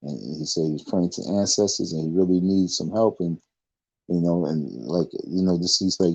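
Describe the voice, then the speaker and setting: A man's voice: sits low, fairly even intonation, moderate pace, darkish tone, breathy edge, no room sound, highs cut off. A man telling a rambling story in a casual monologue, often restarting his sentences. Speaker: online talk show host.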